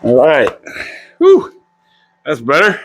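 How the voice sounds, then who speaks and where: A man narrating a workshop how-to, talking in a relaxed, plain-spoken way while he works. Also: a little high, normal speed, slightly rough. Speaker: knife maker. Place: home workshop with grinder.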